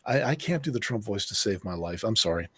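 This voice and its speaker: A man's voice: fairly low pitch, expressive, fast talker, fairly bright tone, a little hiss or hum. A man co-hosting a podcast in casual political chat, rambling and searching for his words. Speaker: podcast co-host.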